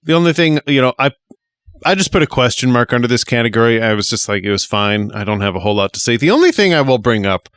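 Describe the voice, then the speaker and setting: Easygoing man with a smooth voice. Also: mid-range voice, animated, fast talker, a bit bright, no echo. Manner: easygoing, offhand. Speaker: podcast co-host or guest. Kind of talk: casual film review chat.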